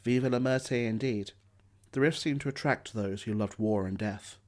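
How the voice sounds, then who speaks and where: A man's voice: fairly low pitch, moderate pace, a little mellow. A man narrating a scripted history episode, dropping in wry, sardonic asides.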